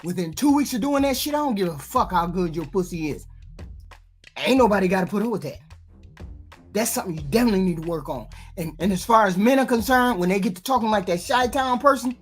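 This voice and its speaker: A woman's voice: medium pitch, expressive, fast talker, soft background music. A woman giving blunt, profane reaction commentary on dating, lecturing her audience. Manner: blunt, lecturing, heavy swearing.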